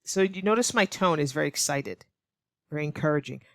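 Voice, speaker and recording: A woman teaching English online, explaining clearly and patiently, now and then acting out example lines to show tone. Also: low-pitched, animated, fairly quick, no echo, studio quality. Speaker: ESL teacher.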